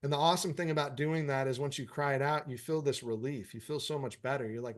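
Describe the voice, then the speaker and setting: A man's voice: medium pitch, steady tone, fast talker. Casual, swearing meditation teacher, a man. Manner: frank, profanity-laced, encouraging. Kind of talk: casual live Q&A, reading viewer comments.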